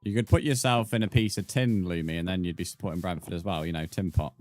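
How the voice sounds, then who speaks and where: A man's voice: sits low, fast, no room sound, faint music behind. A British man chatting casually with viewers during a live game stream, bantering and thanking followers. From Britain. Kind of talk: casual live-stream chat while gaming.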